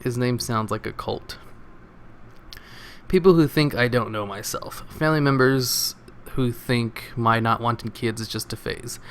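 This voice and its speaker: A man's voice: medium pitch, clear, resonant tone. A man reading forum comments aloud in a casual, sarcastic way, chuckling now and then. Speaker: reader of online posts.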